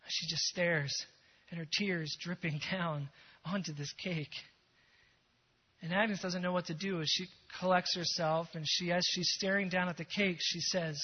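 High-voiced animated male preacher. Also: normal speed, breathy edge. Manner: animated storytelling, swings loud to hushed. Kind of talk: sermon storytelling. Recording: long hall echo, dull sound.

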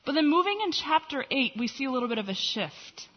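Woman Bible teacher, bright-ish voice, chatty animated delivery, recorded in a reverberant hall. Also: sits high, a little fast, muffled recording. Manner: conversational, animated retelling with quoted voices.

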